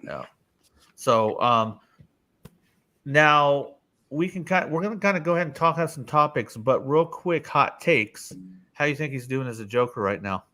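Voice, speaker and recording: A man at a home computer mic runs a casual live-stream panel. His voice sits at an ordinary middle pitch, and he talks loosely, swearing freely and passing the turn from one panelist to the next. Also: expressive, moderate pace, long pauses, sharp tone.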